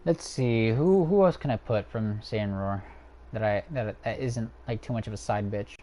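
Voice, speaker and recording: Fairly low-pitched and mellow, the young man's voice moves at normal speed as he livestreams from home and ranks characters. The delivery is a casual, profanity-laden rant packed with fillers and false starts.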